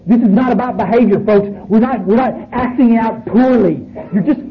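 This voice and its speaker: A man's voice: extremely high pitch, lively intonation, a little fast, hardly any pauses. A man, speaking bluntly and profanely to a room full of people at a recovery meeting. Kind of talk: speaking to an audience. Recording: muffled recording with faint noise.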